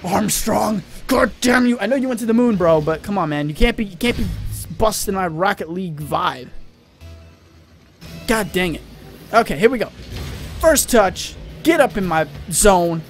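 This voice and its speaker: A young man giving excitable let's-play commentary, rambling fast and yelling at his teammates. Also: sits high, soft background music. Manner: hyper, rambling, yells at teammates. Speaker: gaming channel host.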